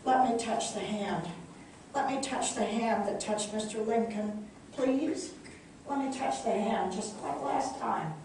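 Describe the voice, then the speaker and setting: A woman reading aloud as a young soldier boy who speaks softly and pleadingly, in an echoey room from a distant mic. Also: medium pitch, unhurried, slight background noise, pitched above the performer's own voice, natural voice. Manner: soft, pleading.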